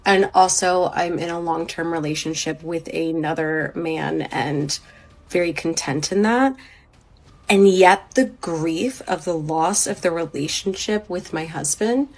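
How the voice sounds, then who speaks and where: Rambling, halting woman confiding. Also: low-pitched, a little mellow. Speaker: mother. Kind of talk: personal confessional vlog.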